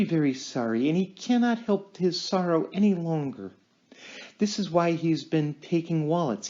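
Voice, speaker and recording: A man's voice: fairly high pitch, dark tone, muffled recording, pitched above the performer's own voice. A man reading an audiobook voices a woman psychic medium in a trance, speaking with an urgent, pleading cadence. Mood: solemn.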